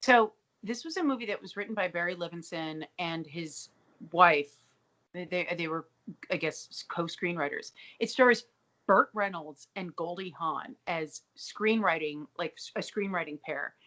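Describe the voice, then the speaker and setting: A woman co-hosting a comedy podcast, recapping a TV episode in casual, profane, animated chat. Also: on the low side, moderate pace. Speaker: podcast co-host.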